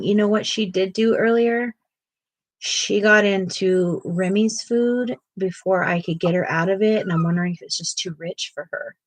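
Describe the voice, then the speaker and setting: Chatty woman on a home livestream, dry close sound, husky voice, coos at her pet now and then. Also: mid-range voice, dry recording. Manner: chatty, reads viewer comments aloud; coos softly to a fussy pet. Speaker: art channel host. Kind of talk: casual livestream chat.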